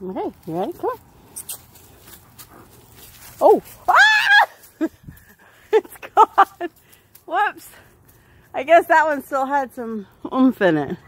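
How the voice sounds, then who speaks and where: A woman's voice: high voice, very animated, takes it slowly, pauses often, slight background noise. A woman by an outdoor pool, filming and coaxing her dog with laughter, recorded on a handheld phone. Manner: coaxing, laughing, sing-song. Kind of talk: casual chat with her dog.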